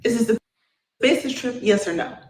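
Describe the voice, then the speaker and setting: A woman's voice: a little high, a little fast, darkish tone, natural voice. A woman acting as a firm divorce lawyer in a skit, asking short, pointed questions. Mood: stern. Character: blunt, no-nonsense female divorce lawyer. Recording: echoey room with background noise.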